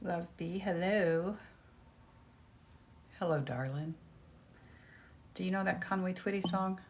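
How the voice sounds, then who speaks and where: A woman's voice: lowish voice, slow, noisy background. A woman reverend hosting a casual live stream, greeting viewers by name and chatting while she eats lunch. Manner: talks while eating lunch. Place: at home with her dog.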